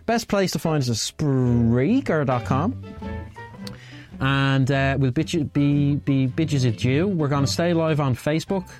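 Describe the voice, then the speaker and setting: A man hosting a casual podcast, reading verse in a slow sing-song and chatting with his co-host. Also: a little high, animated, a little mellow. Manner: reads a nursery rhyme in a slow sing-song. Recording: dry close mic with faint music behind.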